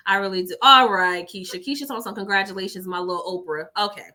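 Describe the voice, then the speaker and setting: A woman hosting a podcast in casual, effusive chat, warm with thanks and full of "y'all". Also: mid-range voice, fast. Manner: effusive and emotional, says "y'all" a lot. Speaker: podcast host.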